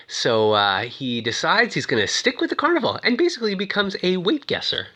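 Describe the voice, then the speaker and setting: A man casually recaps a film's story with toys. He talks in a chatty way, full of fillers, and belts out the characters' lines as he goes. His voice is bright and very lively, with big swings in pitch. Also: a little fast. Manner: chatty, many "uh" fillers, shouts out quoted lines. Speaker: toy reviewer retelling a film.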